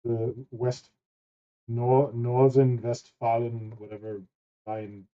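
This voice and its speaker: A man's voice: medium pitch, level tone, slow pace. A man hosting a casual online chat, rambling and swearing casually. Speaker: host. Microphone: wrong mic. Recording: dull lo-fi mic.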